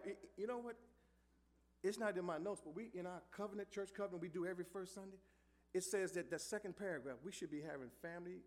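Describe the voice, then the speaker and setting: High-voiced preacher swinging soft to loud. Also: male voice. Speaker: pastor. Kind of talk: sermon. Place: church sanctuary.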